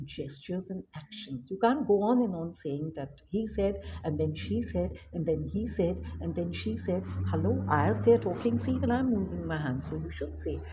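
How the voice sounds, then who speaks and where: A woman teaching a writing lesson, unhurried and full of filler words. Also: on the low side, mellow. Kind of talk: spoken lesson. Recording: dull lo-fi audio with faint noise.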